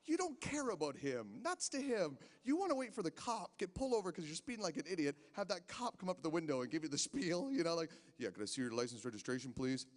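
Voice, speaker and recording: A man's voice: high voice, big pitch swings, fast, few pauses. A man doing a rambling stand-up set in a casino, stammering through restarts. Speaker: stand-up comedian. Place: casino stage. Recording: long hall reverb from a live venue.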